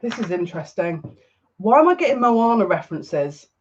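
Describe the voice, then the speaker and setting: Excitable woman reading tarot live. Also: mid-range voice, moderate pace, dull audio, a little hiss or hum. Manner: excitable, gushing, many restarts and fillers. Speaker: psychic tarot reader.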